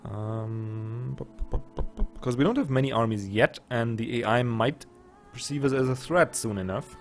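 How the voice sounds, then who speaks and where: Let's-play gamer, man with a German accent, mid-pitched, muttering his plans aloud over faint music. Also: moderate pace. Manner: thinking aloud, muttering asides to himself. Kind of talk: casual strategy game commentary.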